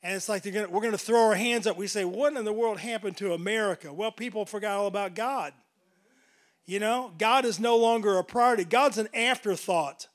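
Man, middle-aged, very high-pitched voice, earnest sermon delivery, repeats words for emphasis. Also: fairly quick. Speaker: pastor.

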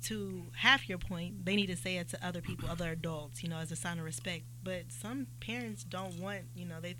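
A woman co-hosting a casual podcast, quick, lively and expressive as she tells stories. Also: lowish voice. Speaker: podcast co-host. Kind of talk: casual chat. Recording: noisy with a hum.

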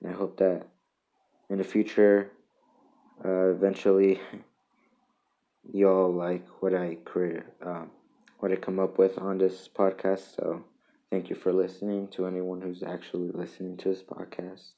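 A man hosting a casual solo podcast, reading memes aloud in a halting way with chuckles and restarts. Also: low voice, monotone, dull audio. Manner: halting, self-interrupting, chuckles between lines. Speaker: podcast host.

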